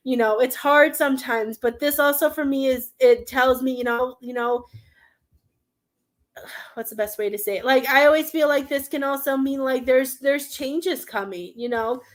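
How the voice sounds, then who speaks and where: A woman's voice: high voice, normal speed. A young adult woman giving a live tarot reading, earnest and rambling, often close to tears, with many fillers. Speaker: tarot card reader.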